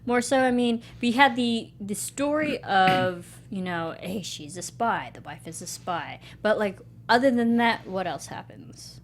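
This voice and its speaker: A woman's voice: medium pitch, slight background noise. Bubbly female movie-review co-host. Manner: bubbly, animated, quick to laugh. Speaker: podcast co-host. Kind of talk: casual movie review chat.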